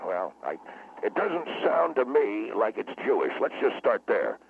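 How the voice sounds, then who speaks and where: A man's voice: fairly low pitch, very animated, unhurried, gravelly, a little hiss or hum, full character voice. A man voicing a blustering radio guest who gets wound up, insults people and rants. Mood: lecturing. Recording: phone line.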